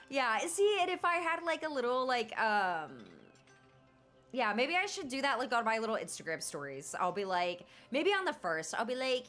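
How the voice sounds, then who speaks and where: A woman's voice: on the high side, very animated, measured pace, long pauses, fairly bright tone, faint music behind. A young woman hosting a livestream, chatting casually and bubbly while gaming, with lots of fillers. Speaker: livestream host.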